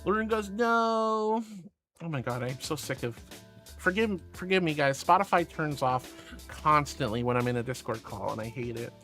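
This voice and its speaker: A man's voice: mid-range voice, brisk, a bit bright, soft background music. A man streaming casually, playfully and affectionately reading chat aloud.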